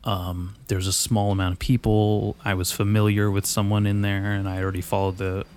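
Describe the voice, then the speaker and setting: This man's voice is fairly low, level and a little mellow, and he speaks fairly quickly, slightly out of breath. Using a boom-arm desk mic at home, he wanders through a casual monologue that is profane and self-mocking.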